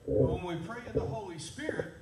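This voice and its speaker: Middle-aged preacher, far-off echoey mic. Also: male voice, high voice, very animated, normal speed, crowd noise. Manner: emphatic, storytelling preacher with repeated phrases. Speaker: pastor. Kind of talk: sermon. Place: church sanctuary. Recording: echoey room, far from mic, loud background noise.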